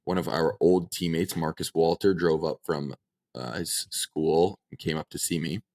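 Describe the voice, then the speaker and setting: A man's voice: rumbling low, moderate pace. A man of twenty-five, a podcast co-host, telling a story in casual chat and acting out the people in it. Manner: animated anecdote-telling, acts out quoted dialogue.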